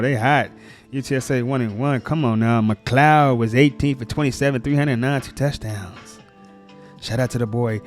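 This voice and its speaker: A man's voice: mid-range voice, normal speed, faint music behind. A man giving a casual, slangy recap of college football scores, hyping players and teams. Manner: slangy, excited hype talk. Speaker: sports vlogger.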